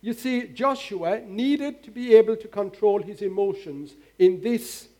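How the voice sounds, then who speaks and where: A man's voice: high voice, a little slow, a little mellow. An older man preaching as a pastor, earnest and exhorting, asking his congregation rhetorical questions. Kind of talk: sermon.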